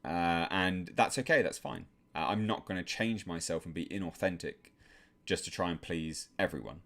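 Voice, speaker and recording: Soft-spoken deep-voiced English man. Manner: measured, soft-spoken, filler-heavy. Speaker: host reading live chat. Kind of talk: casual live-stream chat.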